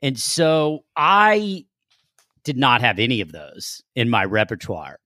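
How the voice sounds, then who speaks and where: Brief: male actor, mid-pitch, dry close sound, lively anecdote-teller who curses casually. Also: slow pace, dry recording. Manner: animated storyteller who swears casually.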